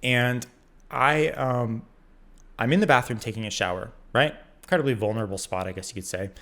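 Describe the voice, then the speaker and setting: A man from the United States in his thirties telling a personal story in a casual, animated way, acting out the quoted voices and using many fillers. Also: medium pitch, brisk. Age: 30s. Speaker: vlogger.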